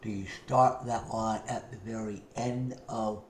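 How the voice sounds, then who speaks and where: A man's voice: lowish voice, fairly even intonation, measured pace. A man, a student in an online class, asking a hesitant question over a video call. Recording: echoey room with faint noise.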